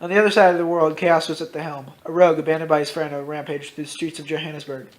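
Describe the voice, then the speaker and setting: A man casually reading out his own story, dropping into loud voices for its characters. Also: on the high side, little pitch movement, racing. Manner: switches into loud shouted character lines, swears freely.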